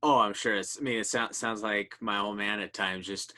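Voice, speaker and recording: A man's voice: fairly low pitch, steady tone, moderate pace, bright, forceful tone. A man hosting a podcast, chatting casually with a guest and laughing along with short replies. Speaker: podcast host. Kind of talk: casual interview chat.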